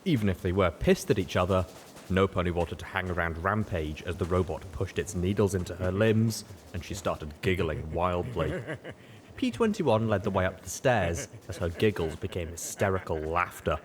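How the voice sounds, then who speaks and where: A man reading a fan fiction story aloud with expressive narration. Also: low-pitched, normal speed, a little hiss or hum. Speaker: audiobook reader.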